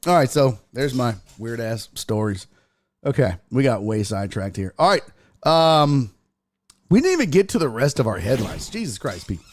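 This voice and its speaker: A man hosting a sports stream, telling a story with lots of cursing and quoted voices. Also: medium pitch. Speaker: sports show host. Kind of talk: casual livestream chat and storytelling.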